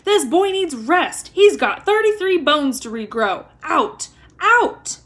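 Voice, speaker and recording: Stern storybook school nurse, read by a woman; grim, brisk, scolding. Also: a little high, big pitch swings, a bit bright.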